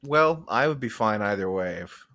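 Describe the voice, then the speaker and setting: Bright-voiced playful podcast man. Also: lowish voice, lively intonation, moderate pace, no echo, clean studio sound. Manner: playful, does silly voices. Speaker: podcast co-host. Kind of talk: casual comedic banter.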